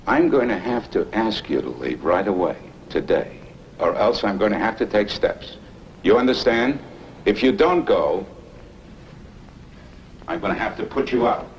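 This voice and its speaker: An actor playing an older homeowner who sounds stern and commanding and sometimes swings up into pleading, in 1970s TV movie acting with a hissy old soundtrack. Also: male voice, fairly low pitch, animated, measured pace, long pauses, dull audio. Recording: old TV film sound with hiss.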